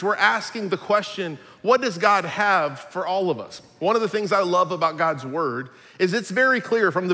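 A pastor, preaching an upbeat, jokey sermon. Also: male voice, high voice, pushed and bright, big-room sound. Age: 40s.

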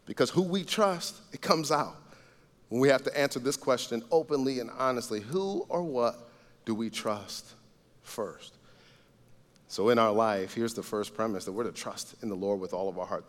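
A man preaching a sermon as pastor, earnest, rising to loud emphatic lines and dropping to soft low asides. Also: in a large hall. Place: church sanctuary.

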